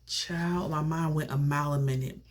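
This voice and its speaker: A young adult vlogger telling a family story in a casual, animated way. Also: medium pitch, moderate pace. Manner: animated, conversational retelling.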